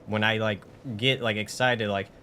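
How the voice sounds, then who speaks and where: Guy streaming a game, kinda low voice, rambles w lots of likes, faint hiss behind. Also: fairly even intonation, moderate pace, sharp tone. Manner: rambling, many fillers and restarts. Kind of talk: casual chat while gaming.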